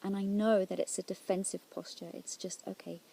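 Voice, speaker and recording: A woman telling of a prayer experience in a reflective, halting way, often dropping into near-whispers. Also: medium pitch, flat delivery, gravelly, breathy edge. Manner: soft-spoken, drops often into near-whispers; halting and searching, with restarts. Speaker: Christian speaker sharing a prayer experience. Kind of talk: reflective personal testimony.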